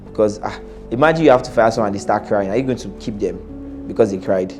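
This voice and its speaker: A man's voice: lowish voice, fast, a little mellow, faint music behind. A man giving casual, blunt reaction-video commentary as an employer, laughing often and repeating himself.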